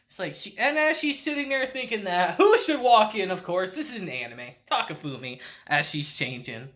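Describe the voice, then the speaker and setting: A man's voice: high voice, sing-song, moderate pace, hardly any pauses, a bit bright. A man casually recapping and reviewing an anime episode, laughing often and swearing freely.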